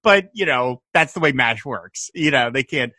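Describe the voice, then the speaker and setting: A man co-hosting a casual chat, animated and laughing often as he retells scenes. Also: mid-range voice, moderate pace, dry recording, studio quality. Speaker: podcast co-host. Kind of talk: casual chat recapping a TV episode.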